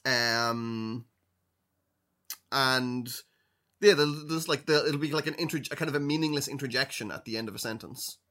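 A man's voice: mid-range voice, normal speed, bright, forceful tone. Irish male co-host, mid-range voice, thoughtful, feels his way through points. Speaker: podcast co-host. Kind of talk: casual chat.

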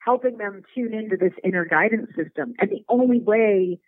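A woman's voice: medium pitch, normal speed, no room sound. Woman guest coach on a phone line, earnest, tinny and dry. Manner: warm, earnest, coaching tone with acted-out quotes. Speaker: guest expert on emotional intelligence. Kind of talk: podcast conversation.

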